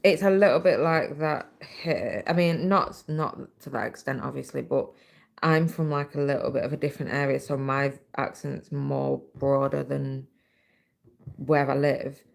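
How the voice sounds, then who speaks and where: A woman's voice: rumbling low, fairly even intonation, normal speed, creaky. A British woman hosting a casual livestream, chatting away and reading viewer comments aloud while she stitches, into a laptop mic. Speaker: livestream host.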